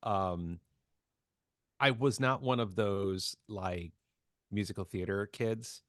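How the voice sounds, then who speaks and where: A man's voice: low voice, a bit bright, dry recording, studio quality. A man from New Jersey, a voice actor guesting on a podcast, telling his story in a chatty, jokey, self-deprecating way. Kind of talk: casual storytelling interview.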